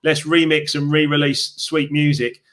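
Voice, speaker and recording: A middle-aged man with a bright, slightly raised voice hosts a casual interview. He talks warmly and openly, leaning into encouragement. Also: fairly high pitch, flat delivery, moderate pace. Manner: warm, emotional, encouraging, calls his guest "mate". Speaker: host.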